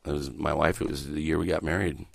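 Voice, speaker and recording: A man's voice: extremely low pitch, steady tone, quick pace, creaky, no echo. A middle-aged man hosting a morning radio show from a small studio, rambling through stories full of swearing and laughing at his own jokes. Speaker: radio host. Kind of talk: profane casual morning radio banter. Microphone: studio microphone.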